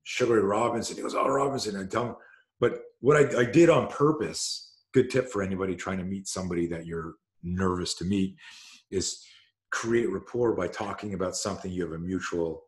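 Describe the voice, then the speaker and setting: Animated, swearing male storyteller. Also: low voice, a little fast. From Canada. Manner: animated, swears, acts out quoted speech. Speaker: self-defense coach and host. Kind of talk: casual storytelling on a call. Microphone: video call.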